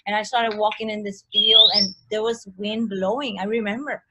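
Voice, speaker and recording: Woman, guest, animated storytelling, online call with clear background noise. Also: medium pitch, normal speed. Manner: animated storytelling with many likes and restarts. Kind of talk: personal story in casual chat.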